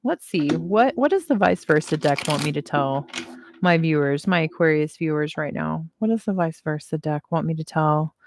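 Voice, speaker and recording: Low-voiced woman reading tarot. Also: normal speed, noisy background. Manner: repetitive and reassuring, chatty asides. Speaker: tarot reader. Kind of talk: casual livestream tarot reading. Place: home, seated at a table.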